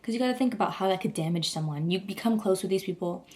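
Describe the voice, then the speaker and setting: A woman's voice: mid-range voice, animated, fast, darkish tone. A young woman vlogger rambling in a casual, gushing chat, full of "like" and restarts. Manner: gushing, rambling, heavy use of "like".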